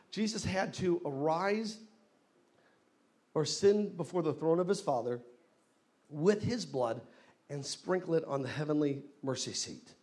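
A man preaching a sermon in a church, leading the congregation in call-and-response and rising to loud exclamations. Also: fairly high pitch. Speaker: pastor. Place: church hall.

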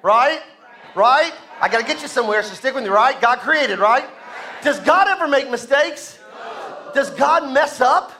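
Male pastor, lively joking sermon to a church crowd, high bright voice. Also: a little slow. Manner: joking, animated, asks the congregation for responses. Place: church sanctuary with congregation.

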